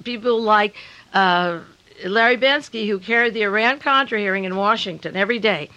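An older woman holds forth as a radio host, running one thought into the next with hardly a pause. She talks at an ordinary pitch for a woman. Now and then she slows right down to stress a point. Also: sharp tone, highs cut off. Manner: rapid, rambling and emphatic, slowing down to stress points. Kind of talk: on-air radio talk during a fundraiser.

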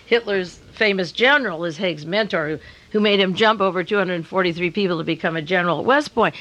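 An older woman hosting a radio talk show during a fundraiser, talking in long, rambling, emphatic runs and slowing down to hammer her points home. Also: on the low side, fairly bright tone, rough recording. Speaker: radio host.

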